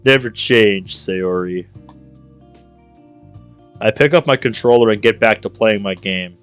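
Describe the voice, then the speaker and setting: A man's voice: lowish voice, a little slow, long pauses, smooth, soft background music. A man streaming a visual novel, reading it aloud and reacting with jokes. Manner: playful, reacts with jokes and laughter.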